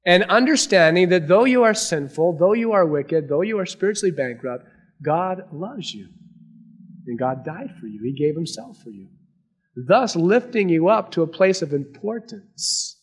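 A man preaching a sermon to a congregation, earnest, swinging between raised emphasis and hushed, quiet lines. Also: high-pitched, lively intonation, moderate pace, husky. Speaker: pastor.

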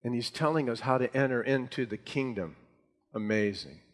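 A man's voice: medium pitch, animated, normal speed. A man preaching a sermon to a congregation, with emphatic, rising delivery. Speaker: pastor. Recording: hall reverb.

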